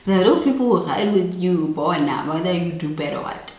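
A woman's voice: fairly low pitch, animated, fairly quick, a little mellow, reverberant, poor audio. A young woman giving blunt, emphatic relationship advice straight to the viewer in a chatty vlog. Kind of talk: casual advice monologue to camera.

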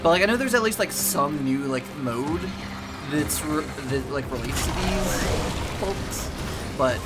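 A streamer rambling casually over gameplay, leaning heavily on "like" and restarting sentences. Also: male voice, a little high, animated, measured pace. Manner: rambling, heavy use of "like". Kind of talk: casual let's-play commentary. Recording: game music underneath.

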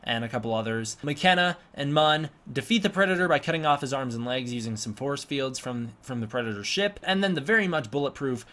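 A man's voice: mid-range voice, lively intonation, a little fast, hardly any pauses, a bit bright. A man giving a casual film review in a blunt, opinionated and sarcastic way. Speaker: movie reviewer.

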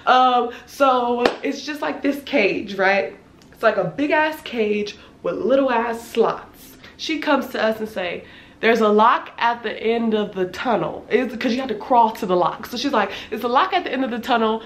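A woman in her twenties telling a casual storytime, animated and slangy, with lots of filler words and cursing. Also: on the high side, a little slow, a little hiss or hum. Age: 20s. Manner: animated, slangy, swears freely, many "like" fillers. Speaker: vlogger. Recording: echoey room.

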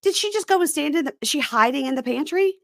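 A woman hosting a podcast, casually recapping a reality show in an animated storytelling way. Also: high voice, fast talker, vocal fry. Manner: animated storyteller, recounting scenes. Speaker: podcast host.

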